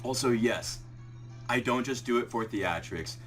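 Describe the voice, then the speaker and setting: A young man talking straight to his viewers in a gaming vlog, shaky and breathless with excitement. He jumps from high, stunned shouts to low, rushed chatter. Faint music plays behind him. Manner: ecstatic shouting and laughing, breathless disbelief; quiet muttered counting. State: shaking with excitement, heart racing. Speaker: shiny hunting video creator. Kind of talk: excited live reaction vlog.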